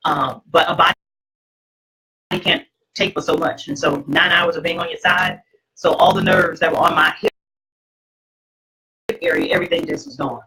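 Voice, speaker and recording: A middle-aged woman, host, telling her personal testimony to an audience in an emphatic, preacherly way, with a husky voice. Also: sits low, steady tone, moderate pace, pauses often, sharp tone, low-quality recording.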